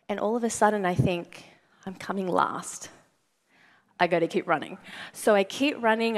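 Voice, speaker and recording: Woman motivational speaker, young adult, animated storytelling, asks the audience questions, acts out her own lines, voice of moderate pitch. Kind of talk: storytelling keynote talk to a live audience.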